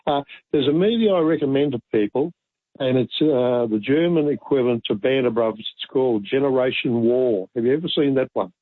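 A man calling in to a radio show, talking hesitantly with many pauses. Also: medium pitch, no room sound. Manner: hesitant, full of uhs. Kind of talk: casual call-in chat. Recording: tinny phone line.

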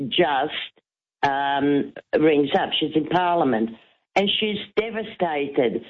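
Lady on a talkback call, rambly and chatty, lots of um and anyway, sounds like a thin phone line. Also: on the low side. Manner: chatty, rambling, many fillers and restarts. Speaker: radio caller. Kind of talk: casual phone-in storytelling. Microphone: telephone.

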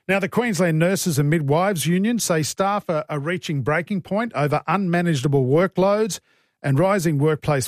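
Australian breakfast radio host, dry studio sound. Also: male voice, a little high, dry recording. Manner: brisk, wry self-corrections. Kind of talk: radio news reading with chatty asides.

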